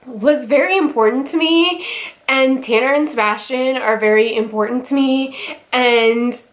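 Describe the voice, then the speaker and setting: A woman's voice: high voice, normal speed. A young woman gushing about a favorite book in a casual vlog, getting tearful and emotional as she talks, with many fillers. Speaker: book vlogger.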